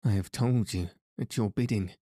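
A man's voice: fairly low pitch, moderate pace, mellow, no room sound, clean studio sound, natural voice. A man reading the part of an earnest young knight who answers politely and hesitantly in old-fashioned speech. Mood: flustered.

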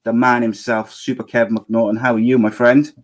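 A man's voice: mid-range voice, flat delivery, normal speed. A man co-hosting a casual podcast over a video call, upbeat as he introduces the guest. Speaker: podcast co-host. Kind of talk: casual chat.

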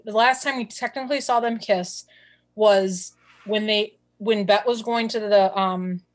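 A woman's voice: medium pitch, fairly even intonation, a little slow. A woman from southeastern Wisconsin, co-hosting a podcast in chatty, enthusiastic casual talk. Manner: chatty, enthusiastic, repeats words for emphasis. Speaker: podcast co-host. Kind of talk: casual chat.

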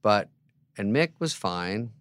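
A man in his fifties, a comedian guest, telling a story in a sarcastic, deadpan way and acting out other people's lines. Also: fairly low pitch, slow. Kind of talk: casual storytelling chat.

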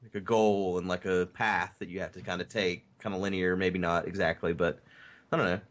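A man's voice: low voice, little pitch movement, fairly quick. A man co-hosting a podcast, chatting casually and explaining things with easygoing hedges. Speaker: podcast co-host. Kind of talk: casual chat.

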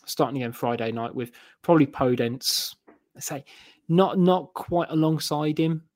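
A man's voice: fairly high pitch, normal speed, a little mellow, no room sound, studio quality. A man speaking as a football fan guest in a casual podcast chat. He hedges and restarts his sentences as he talks. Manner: rambling, hedging with restarts.

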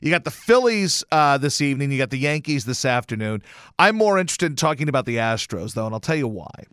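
A male radio host telling a casual story with lots of swearing and sudden loud exclamations. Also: mid-range voice, fast, smooth, no echo, studio quality. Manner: animated, profane, bursts into loud exclamations. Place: radio station studio.

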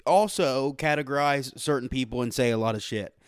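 A man's voice: medium pitch, a little fast, smooth, dry recording, clean studio sound. A man in casual late-night chat who talks bluntly and rants with a lot of swearing.

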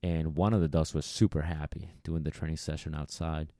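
A man's voice: rumbling low, flat delivery, a little fast, mellow, no echo, studio quality. A man, a dog trainer, talking casually to listeners and acting out quoted voices as he gives advice. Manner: chatty, coaching, acts out quoted voices. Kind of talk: casual podcast monologue.

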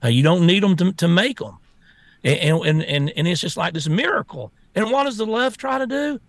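A man's voice: sits high, moderate pace, no echo. A man co-hosting a political talk show, ranting bluntly with many restarts. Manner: blunt, repetitive restarts, animated rants. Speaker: co-host.

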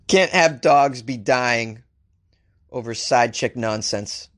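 A man hosting a solo comedy podcast, joking his way through odd news stories with lively asides. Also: medium pitch, extremely slow. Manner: animated, joking, reads news aloud with asides. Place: home studio, Los Angeles.

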